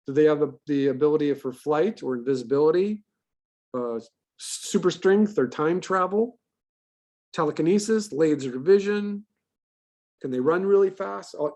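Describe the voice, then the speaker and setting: A man's voice: on the high side, darkish tone. A man teaching a class, talking through a worksheet in a loose, rambling way with many fillers and repeated words. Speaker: voice acting teacher. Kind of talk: classroom lecture.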